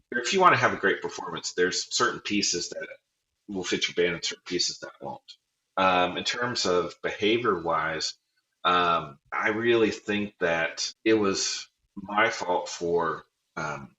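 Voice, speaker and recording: Low, bright-toned male guest, chatty storyteller who jokes at his own expense. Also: reverberant, dull audio. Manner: chatty, self-deprecating, acts out quotes with laughs. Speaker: guest, former band director. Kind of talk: casual storytelling interview.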